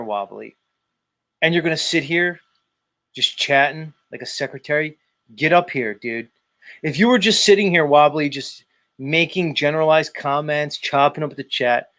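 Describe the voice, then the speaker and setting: A man's voice: on the high side, a bit bright. A man hosting a casual podcast chat, swearing freely and goading a viewer in a ranting, profane way. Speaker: podcast host.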